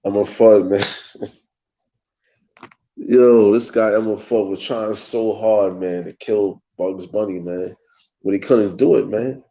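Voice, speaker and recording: Young man, very low voice, loose slangy rambling, swears a lot, host talking solo. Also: steady tone, slow pace, long pauses, mellow, muffled recording. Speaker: show host. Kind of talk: casual solo talk.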